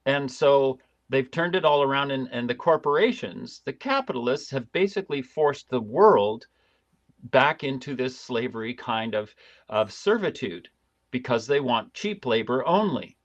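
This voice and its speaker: A man hosting a live stream, reading through a document and twisting it sarcastically, halting often with fillers. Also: medium pitch, lively intonation, dull audio. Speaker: host.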